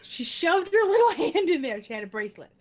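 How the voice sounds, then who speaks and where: A woman hosting a game stream, telling a story in a casual, animated way and acting out other people's voices. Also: very high voice, fast. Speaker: host.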